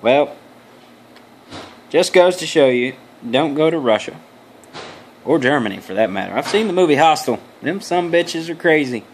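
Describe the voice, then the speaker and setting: Slight background noise sits behind this young man's somewhat high voice as he vlogs. His story wanders loosely, restarting often and peppered with crude, profane jokes and asides.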